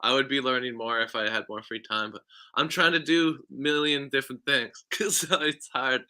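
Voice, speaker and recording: A man's voice: medium pitch, moderate pace, sharp tone. Laid back guy from canada guesting on a podcast, chats casually, laughs a lot. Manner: easygoing, laughs often. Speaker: guest musician and streamer. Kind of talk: casual interview chat.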